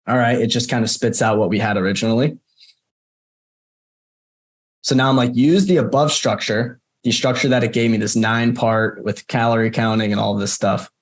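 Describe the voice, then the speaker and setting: Casual man teaching over a call. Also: medium pitch. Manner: conversational, frequent "right?" tags, addresses students by name. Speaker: course instructor. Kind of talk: casual screen-share walkthrough.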